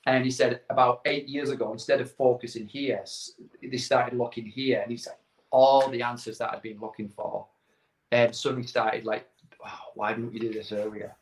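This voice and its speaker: A man's voice: medium pitch, steady tone, moderate pace. A middle-aged man telling a personal story in a casual interview, acting out quoted dialogue and repeating words as he goes. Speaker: guest. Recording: echoey room.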